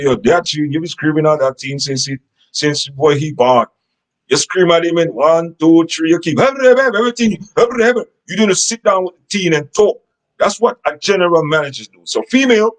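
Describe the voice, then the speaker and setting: Over poor audio, a man whose voice runs a little high offers relationship advice in a casual monologue that circles and repeats itself, regularly checking in with "Understand?"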